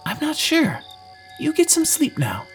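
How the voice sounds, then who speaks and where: A man voicing a gentle, soft-spoken alien male travel companion who talks in a mild, polite way. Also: very high-pitched, wildly swooping pitch, unhurried, soft background music, pitched above the performer's own voice, heavily acted. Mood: reassuring. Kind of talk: audiobook character voice.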